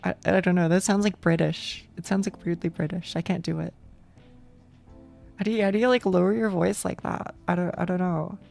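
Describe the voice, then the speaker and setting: A woman's voice: fairly low pitch, fairly even intonation, brisk, creaky, a little mellow, soft background music. A young woman streaming, chatting casually with viewers, rambling and swearing with frequent laughs.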